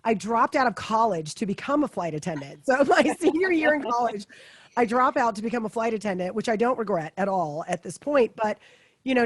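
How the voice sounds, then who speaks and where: A woman's voice: mid-range voice, dry recording. A woman from Florida who works as a talk radio host, guesting on an interview and telling her story in a chatty, self-deprecating way.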